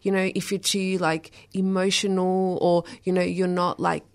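A woman's voice: fairly low pitch, flat delivery, normal speed. A woman poet and author talking about her writing in a radio interview, reflective and full of "you know"s.

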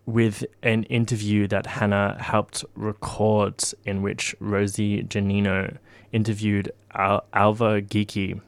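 A man co-hosting a radio show, talking casually in a halting way with many ums. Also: fairly low pitch, completely flat delivery, vocal fry, no echo. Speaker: radio co-host.

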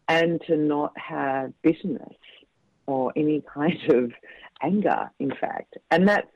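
A man, a film director, talks reflectively in a radio interview, pausing and restarting his sentences. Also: mid-range voice, gravelly, dry recording. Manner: reflective, halting, many restarts. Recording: slightly muffled dry radio audio.

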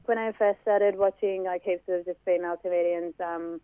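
A woman's voice: on the low side, steady tone, moderate pace, clean tone, no echo, phone-quality sound. A young woman comedian answering interview questions in a rambling, hesitant way. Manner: rambling, hesitant, many fillers.

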